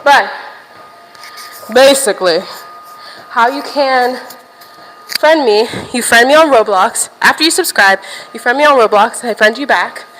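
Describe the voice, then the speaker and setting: A woman's voice: fairly high pitch, a little slow, pauses often, a bit bright, in a large hall, slight background noise, low-quality recording. A young woman livestreaming from a gym while walking on a stair machine, chatting casually to viewers, a little out of breath and swearing now and then.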